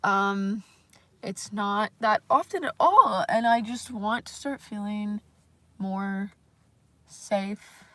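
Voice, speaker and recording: A woman's voice: medium pitch, slow, a bit bright, no echo. A woman vlogger talking casually on a livestream, rambling and self-conscious, with lots of fillers and the odd swear word.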